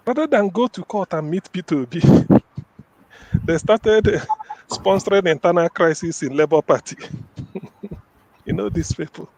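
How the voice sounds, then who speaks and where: Guy on a call, kinda high voice, dry close sound, hammers words by repeating them. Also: fairly quick, a little mellow, dry recording. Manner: emphatic, repeats words for stress. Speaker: caller giving a final statement. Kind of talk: casual discussion.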